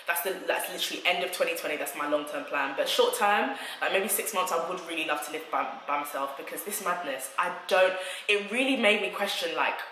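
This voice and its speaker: A young woman tells a story to camera, chatty and animated. Her voice is bright and forceful. The recording has noticeable room echo. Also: lowish voice, a little fast, slight background noise. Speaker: vlogger. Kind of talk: storytime vlog.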